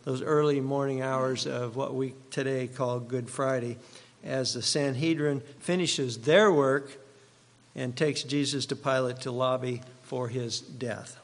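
A pastor's sermon voice, a man reading scripture with measured, dramatic emphasis. His mid-pitched voice carries through a church sanctuary with long reverb. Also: steady tone. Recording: long reverb of a large hall.

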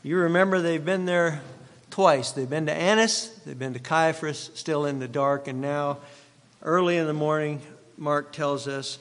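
A man's voice: fairly high pitch, fairly bright tone. Man preaching in a reverberant hall. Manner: measured, dramatic reading with emphatic quotes. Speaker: pastor. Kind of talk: sermon with scripture reading. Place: church sanctuary. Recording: long reverb of a large hall.

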